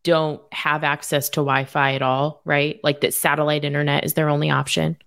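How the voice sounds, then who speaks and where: A woman's voice: deep voice, little pitch movement, normal speed, vocal fry, a bit bright. A woman co-hosting a radio show, chatting casually and laughing easily. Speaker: co-host.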